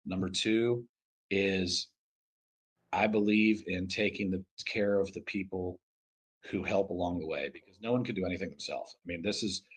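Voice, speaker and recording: A man speaks on a casual group voice chat, his voice low and slightly husky. He talks bluntly, repeats himself, and swears freely. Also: steady tone, normal speed, low-quality recording. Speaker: project lead on a crypto call.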